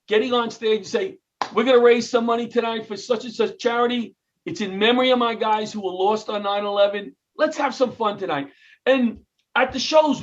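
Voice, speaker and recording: A middle-aged man with a New York accent, a comedian and retired firefighter, telling stories in an interview with lively acted-out quotes. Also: sits high, muffled recording. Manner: animated storyteller, acts out quotes, self-interrupting. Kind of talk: interview storytelling.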